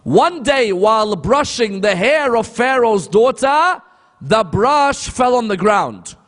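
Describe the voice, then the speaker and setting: A man's voice: high-pitched, big pitch swings, slow, a bit bright. A man giving a sermon lecture, telling a story and asking rhetorical questions that he then answers. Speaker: Islamic lecturer. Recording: long hall reverb.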